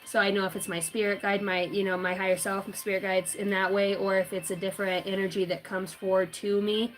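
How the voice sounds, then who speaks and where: A woman who works as a tarot reader and medium, rambling through a casual livestream chat with lively storytelling and frequent swearing. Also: medium pitch, fairly quick, soft background music, low-quality recording.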